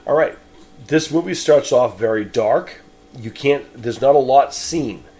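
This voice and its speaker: A man's voice: medium pitch, measured pace, dark tone, breathy edge. Opinionated man. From Boston. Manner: opinionated, rambling, frequent restarts. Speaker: podcast host. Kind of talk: film review monologue.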